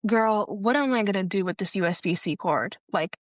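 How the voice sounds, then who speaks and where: Young woman podcast cohost, chatty storytelling, mid pitch, dry close mic. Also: normal speed, no echo. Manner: animated, acts out quoted people with pitch jumps. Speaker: podcast co-host. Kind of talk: casual storytelling chat.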